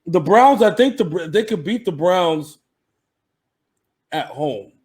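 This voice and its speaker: A man's voice: high-pitched, animated, slow pace, darkish tone. A man co-hosting a sports podcast, talking casually and animatedly, laughing and swearing freely.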